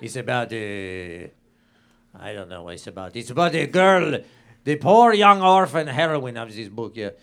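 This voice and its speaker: For an improvised comedy podcast, a man plays a lecherous, pompous French nobleman, reading aloud theatrically in a put-on French accent and florid, lip-smacking broken English. He's very animated at normal speed, leering and boastful, and shifts into a high pleading voice for the victim.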